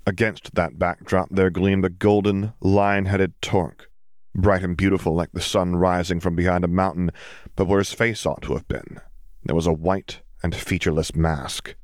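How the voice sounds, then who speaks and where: A man reading a storybook aloud as narrator, steady and descriptive. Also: sits low, normal speed, no room sound, studio quality. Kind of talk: audiobook reading.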